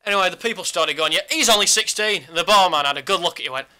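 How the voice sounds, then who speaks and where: Man, sports podcast co-host, very bright sharp voice, teasing jokey banter. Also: fairly high pitch, rapid-fire, clean tone. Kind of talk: casual sports podcast chat.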